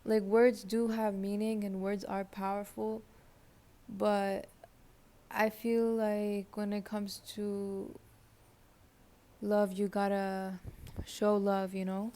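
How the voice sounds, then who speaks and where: Mellow, chatty young woman reading tarot. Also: mid-range voice, little pitch movement, slow pace, long pauses. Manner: chatty and rambling, lots of likes and you-knows, laughs at herself. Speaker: tarot reader. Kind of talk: casual tarot reading monologue.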